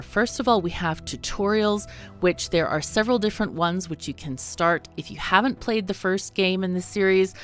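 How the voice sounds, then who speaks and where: Low-voiced chatty woman gaming host. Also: a bit bright. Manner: chatty, bubbly, laughs often. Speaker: let's play host. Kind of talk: casual gameplay commentary.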